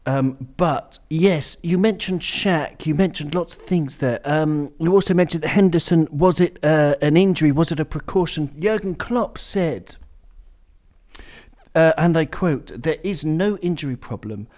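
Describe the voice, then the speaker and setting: A man's voice: fairly high pitch, unhurried, darkish tone. A man hosting a casual football chat, rambling and drifting off on tangents. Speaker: podcast host. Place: indoors during a storm with traffic outside.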